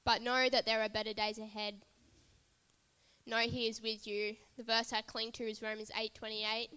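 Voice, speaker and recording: A woman's voice: on the high side, level tone, normal speed, pushed and bright, smooth, long reverb tail. A woman preaching a sermon at a church service, earnest and repetitive, building emphasis phrase by phrase.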